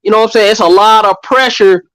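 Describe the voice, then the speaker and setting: Insistent high-voiced man in barbershop debate. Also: fast, fairly bright tone, no echo, poor audio. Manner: earnest, insistent, repeats himself when challenged. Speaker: barbershop panelist. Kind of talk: casual debate.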